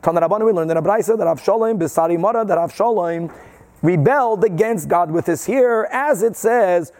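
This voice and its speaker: A man's voice: high-pitched, a little fast, a little mellow. A man teaching a Talmud class, reading Aramaic and Hebrew phrases and translating them into English, asking rhetorical questions along the way. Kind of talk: daf yomi Talmud class.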